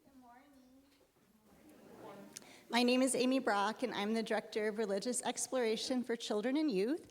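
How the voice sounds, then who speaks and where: Woman asking kids questions at church, a bit high, long echo in the hall. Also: moderate pace, pauses often. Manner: warm, encouraging questions to kids. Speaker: children's religious education director. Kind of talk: gentle chat with children. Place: church sanctuary.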